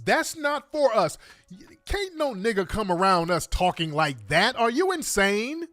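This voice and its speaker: A middle-aged man hosting a talk show, emphatic and profane, firing off rhetorical questions. His voice sits high and swings widely in pitch. The sound is dry and close, with faint music underneath. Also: very animated, unhurried, a bit bright, dry recording. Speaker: radio talk host. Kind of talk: opinionated talk monologue.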